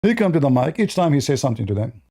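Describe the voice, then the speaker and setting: A man's voice: mid-range voice, big pitch swings, rapid-fire, dark tone, dry recording, clean studio sound. A man giving a casual, mocking monologue on religion in broken English, sarcastic throughout. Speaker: religion commentator.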